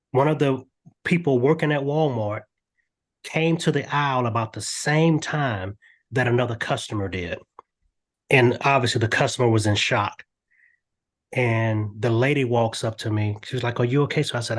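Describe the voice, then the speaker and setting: An older man, a podcast guest, talking earnestly in a lively storytelling way with frequent restarts. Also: medium pitch, moderate pace. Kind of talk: candid podcast interview.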